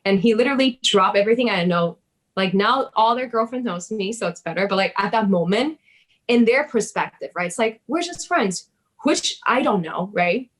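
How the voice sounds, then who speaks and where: A woman telling a personal story in casual chat, lively, swearing and laughing, acting out her own past words. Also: medium pitch, moderate pace.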